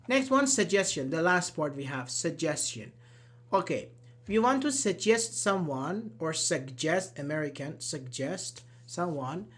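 An online English teacher giving a live grammar lesson, slowly repeating example sentences and answering chat. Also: mid-range voice. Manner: slow, repeats examples, apologizes and laughs at own slips.

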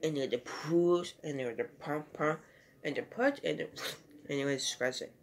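A man talks through a movie review at a slow, unhurried pace. His voice sits a little higher than most men's. He rambles loosely from one scene to the next, like a casual home video. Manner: rambling, loosely strung retelling.

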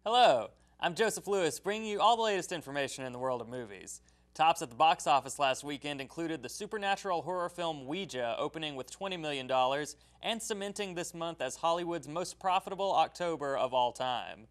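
A man reads the weekly movie news from a script, upbeat and brisk like a studio presenter. His voice sits a little high for a man. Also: lively intonation. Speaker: entertainment reporter.

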